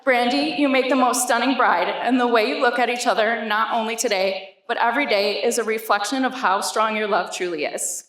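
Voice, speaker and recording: A woman's voice: fairly high pitch, a little fast, hardly any pauses, fairly bright tone. A woman giving a wedding toast, joking and then sentimental, at a reception. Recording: echoey reception hall with crowd. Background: guests laughing.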